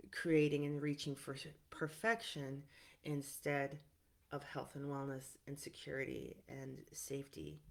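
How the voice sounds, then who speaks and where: A middle-aged woman therapist teaching in a casual, animated way, often checking in with "right?" and filling pauses with "um". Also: low voice. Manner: animated and emphatic, frequent "right?" and "um".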